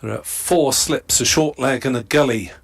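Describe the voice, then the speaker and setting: A man giving steady, matter-of-fact ball-by-ball cricket commentary. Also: medium pitch, normal speed, gravelly.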